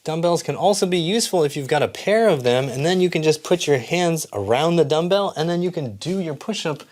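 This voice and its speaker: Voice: mid-range voice, animated, a little fast, darkish tone. A fitness coach and channel host giving exercise instruction to camera, patient and encouraging, explaining each step.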